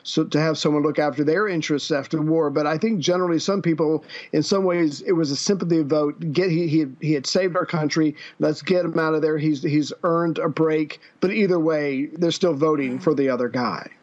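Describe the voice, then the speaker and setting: A man's voice: a little high, a little fast, hardly any pauses, darkish tone. A man co-hosting a podcast, chatting casually about history and often stopping to restart his sentences. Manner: hesitant, many fillers and restarts. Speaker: podcast co-host. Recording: dull lo-fi recording.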